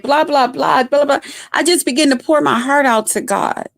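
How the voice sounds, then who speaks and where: A woman's voice: sits high, vocal fry, dry recording, studio quality. A woman hosting a livestream, telling a personal testimony in an emphatic, preachy way and speaking straight to her viewers. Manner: preachy, slow and emphatic, addresses viewers as y'all. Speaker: host.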